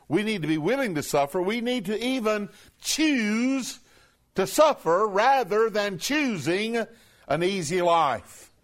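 Impassioned preacher man, swooping pitch. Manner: impassioned, rising and falling sharply for emphasis; reads scripture in a slow, declaiming voice. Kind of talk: sermon.

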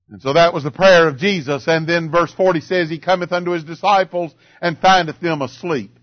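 An older man preaching a sermon in a church, swinging from ringing cries down to quiet, drawn-out murmurs. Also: a little high, dull audio. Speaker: pastor.

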